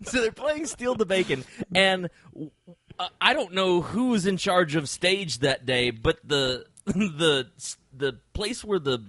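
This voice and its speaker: A man's voice: high voice, expressive, slow pace, fairly bright tone, no echo. A man co-hosting a podcast, talking in a casual, joking way and laughing often. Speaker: podcast co-host. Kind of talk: casual chat.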